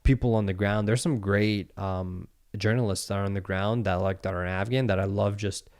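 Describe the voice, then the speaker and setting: A man's voice: fairly low pitch, steady tone, fairly quick, a little mellow, dry recording, clean studio sound. A man in his thirties in casual podcast chat, telling a story animatedly and acting out the voices of the people in it.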